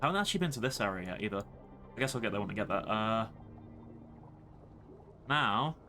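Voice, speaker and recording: A man's voice: on the low side, lively intonation, brisk, sharp tone, faint music behind. A British man streaming a game live, chatting playfully and rambling to his chat.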